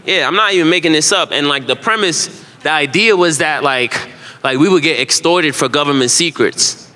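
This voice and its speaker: A man performing a stand-up comedy set, telling profane stories loosely and animatedly, breaking into loud shouted character voices. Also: a little high, normal speed. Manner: animated, loose, profane storytelling with frequent laughs.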